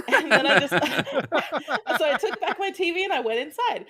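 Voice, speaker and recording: A woman's voice: sits high, very animated, a little slow, a crowd in the background. A woman guesting on a casual podcast, telling blunt, wry stories with frequent laughs. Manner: blunt, wry storyteller who laughs often.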